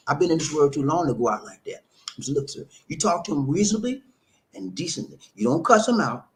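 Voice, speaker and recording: Animated man telling a story. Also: on the high side, fast talker. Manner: animated, repeats words, acts out quoted dialogue. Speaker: live-stream host reading viewer comments. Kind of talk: casual storytelling to viewers.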